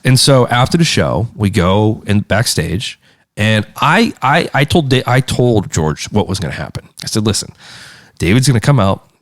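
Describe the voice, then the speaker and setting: A man's voice: on the low side, moderate pace, no echo, studio quality. A man from Pittsburgh in the United States, a podcast guest, telling a story in a casual way, acting out the people he quotes and swearing freely. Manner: animated, acts out quoted voices, swears freely.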